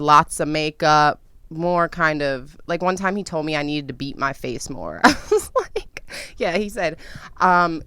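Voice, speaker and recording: A young woman hosting a podcast, telling a personal story in a profane, dramatic, animated way with sudden loud squeals. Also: deep voice, smooth, no echo. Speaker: podcast host. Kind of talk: casual storytelling monologue.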